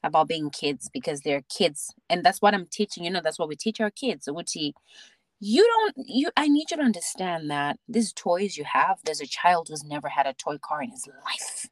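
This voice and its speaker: A woman speaking as a podcast guest, telling stories about her child in an animated way, often restarting her sentences. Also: fairly low pitch, moderate pace, no echo. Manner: animated storytelling with many restarts and laughs. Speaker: podcast guest, mother and theatre actor. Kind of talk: casual interview chat.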